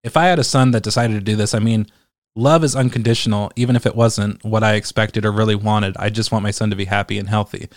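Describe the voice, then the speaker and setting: A man's voice: on the low side, steady tone, fast talker, no echo. Male commentator, casual rant, profane and exasperated, dry studio sound. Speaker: commentator reading online comments.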